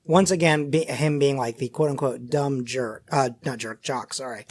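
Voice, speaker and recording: A man chatting on a podcast, telling rambling, animated stories full of acted-out quotes. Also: mid-range voice, normal speed, no echo, studio quality. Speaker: podcast guest. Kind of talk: casual chat.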